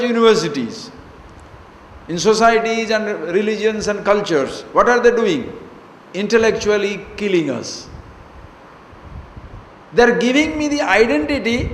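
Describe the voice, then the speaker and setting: High-voiced man teaching in an echoey hall. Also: a bit bright. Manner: playful and emphatic, prodding listeners with rhetorical questions. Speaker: spiritual teacher. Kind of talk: spiritual discourse. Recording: echoey hall with faint noise.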